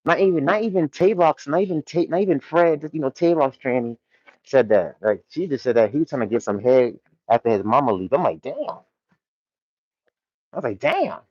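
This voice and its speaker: A man's voice: medium pitch, brisk, a little mellow, dry recording, muffled recording. Laid-back man chatting on a livestream. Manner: loose, laid-back slang-heavy commentary with frequent laughs. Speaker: livestream host. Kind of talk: casual livestream chat. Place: warehouse.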